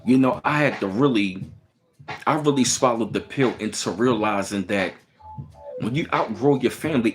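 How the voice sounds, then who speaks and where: A man's voice: medium pitch, moderate pace, over music. A man with a Baltimore accent, chatting casually on a live stream and greeting viewers by name. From Baltimore, Maryland. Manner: relaxed, greets chat by name.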